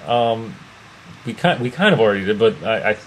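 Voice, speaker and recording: A man's voice: on the low side, lively intonation, a little fast. A man co-hosting a casual movie review, talking in a hesitant way with many restarts and trailing off. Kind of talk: casual chat.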